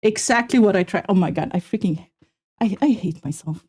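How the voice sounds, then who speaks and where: A young woman streaming, chatting casually and self-mockingly with her viewers in quick exclamations. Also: medium pitch, a little mellow, husky. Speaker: streamer reacting to a video. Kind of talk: casual live-stream chat.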